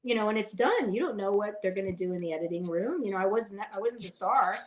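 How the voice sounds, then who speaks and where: A woman's voice: mid-range voice, animated, fast, a little mellow, poor audio. A woman in her forties, an actress guest telling stories in a casual interview, chatty and full of "like", acting out what people said. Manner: chatty, fills with "like", acts out quotes.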